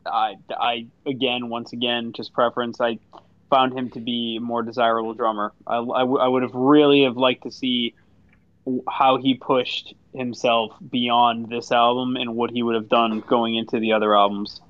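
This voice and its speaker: A man's voice: medium pitch, little pitch movement, normal speed, no echo, dull audio. A man co-hosting a casual podcast, rambling through stories and opinions with restarts. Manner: rambling, laughs while telling stories. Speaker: podcast co-host. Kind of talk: casual chat and storytelling.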